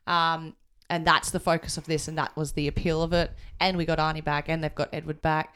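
A woman's voice: deep voice, little pitch movement, brisk, a bit bright, clean tone. A young woman with a New Zealand accent co-hosting a podcast, chatting casually and laughing often as she retells stories. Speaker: podcast co-host. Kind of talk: casual chat.

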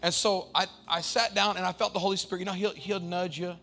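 A middle-aged male pastor preaching a sermon, moving from shouted, sing-song climaxes to relaxed, chatty storytelling with acted-out quotes. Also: high-pitched, fast.

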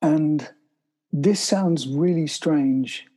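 A middle-aged man, telling a story as an interview guest, often halting and restarting his sentences. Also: fairly high pitch, warm tone, breathy edge, poor audio. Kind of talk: storytelling in conversation.

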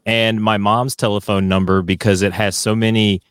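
A man's voice: lowish voice, little pitch movement, moderate pace, clear, resonant tone, no echo, studio quality. A man co-hosting a talk show, chatting in an easygoing, joking way. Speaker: podcast co-host. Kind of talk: casual chat.

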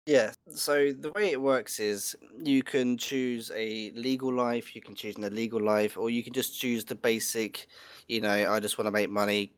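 A man's voice: mid-range voice, fairly even intonation, unhurried, clean tone, no room sound. Rambling man, dry sound. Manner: rambling, frequent fillers and restarts. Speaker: podcast co-host. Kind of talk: casual gaming chat.

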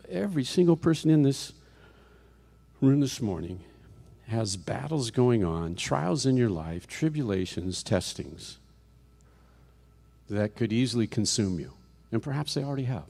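A man's voice: lowish voice, vocal fry, dark tone, slightly rough. A middle-aged man preaching a conversational sermon as a guest speaker in a church, with frequent restarts and rhetorical questions to the congregation. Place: church sanctuary.

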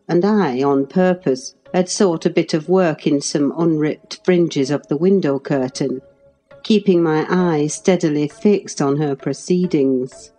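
A woman narrating a classic novel in a measured, expressive storytelling voice. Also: low-pitched, soft background music. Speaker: audiobook narrator.

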